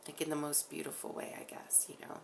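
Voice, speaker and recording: A woman's voice: deep voice, monotone, quick pace, vocal fry, background noise. Giggly, rambling woman channeler. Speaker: spiritual channeler. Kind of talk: casual chat after a channeling.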